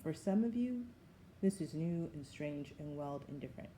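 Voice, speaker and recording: A woman's voice: low-pitched, animated, moderate pace, mellow. A woman, giving an effusive, musing spiritual tarot reading. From Southern United States. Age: 40s. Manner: musing, effusive, often calls things wild. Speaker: tarot reader. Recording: echoey room with background noise.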